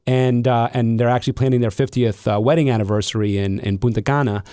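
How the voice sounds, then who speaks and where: A man's voice: mid-range voice, steady tone, fast, few pauses, mellow, clean tone, no room sound, clean studio sound. A middle-aged man hosting a podcast, talking reflectively with many restarts and fillers. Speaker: podcast host. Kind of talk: casual interview conversation.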